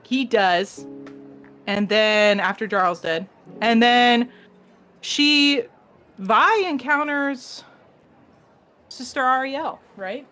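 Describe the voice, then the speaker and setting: A woman casually recapping a fantasy novel as a podcast co-host, animated, acting out characters' lines and swearing casually. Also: on the high side, very slow, pauses often, soft background music. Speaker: book review podcast co-host. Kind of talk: casual chat recapping a book.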